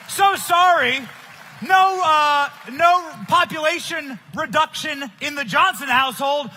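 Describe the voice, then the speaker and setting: A young man giving a loud, emphatic political rally speech at a conference. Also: very high voice, slight background noise. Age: young adult. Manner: loud, shouting, emphatic delivery. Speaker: conference speaker. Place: conference stage.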